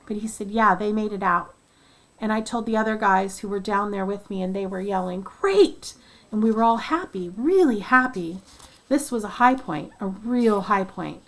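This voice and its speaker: A woman reading a nonfiction book aloud at first sight, voicing first-person accounts and lifting her voice for quoted shouts. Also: mid-range voice, low-quality recording. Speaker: audiobook reader.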